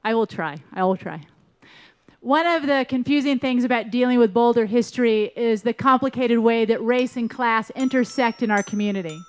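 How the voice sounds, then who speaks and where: A woman in a stage rehearsal scene who talks in a wry, somewhat halting way. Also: fairly high pitch, clean tone. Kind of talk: theatrical dialogue.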